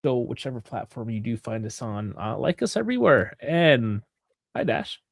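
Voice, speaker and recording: Male stream host, middle pitch, chatty and laughing, dry close sound. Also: sing-song, moderate pace, creaky, dry recording. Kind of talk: casual live-stream chat.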